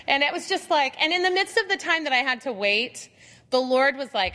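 Her voice high-pitched and brisk in a big-sounding room, a woman in her thirties or forties shares a humorous personal story with her Bible study group. She pokes fun at herself with animation, performing her own grumbles and side remarks.

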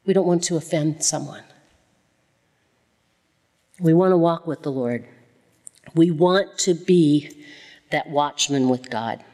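A woman with a fairly low voice leads a Bible study in a relaxed, conversational tone. She repeats her phrases to drive a point home and slows right down on the lines that matter. Her voice carries a long reverb, like a hall.

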